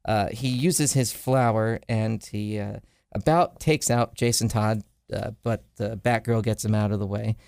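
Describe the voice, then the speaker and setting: A man's voice: on the low side, steady tone, measured pace, creaky, a little mellow, smooth, dry recording, clean studio sound. A man hosting a podcast, casually retelling a comic storyline with lots of "uh" fillers. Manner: rambling retelling with frequent "uh" fillers. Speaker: podcast host.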